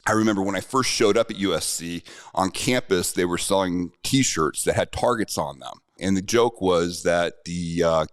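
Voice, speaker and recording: Deep-voiced man telling a story. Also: dry recording, clean studio sound. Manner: conversational, earnest, with restarts. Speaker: self-defense instructor. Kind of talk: personal storytelling to camera.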